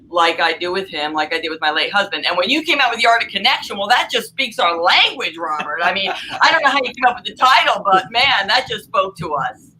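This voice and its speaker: Bright, heartfelt woman guest. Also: mid-range voice, slight background noise, low-quality recording. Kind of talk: casual chat.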